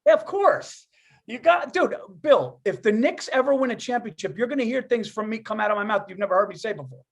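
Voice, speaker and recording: A man co-hosting a podcast, talking in an excitable, profane way and laughing mid-sentence. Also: high-pitched, a little fast, vocal fry. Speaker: podcast co-host. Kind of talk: casual chat.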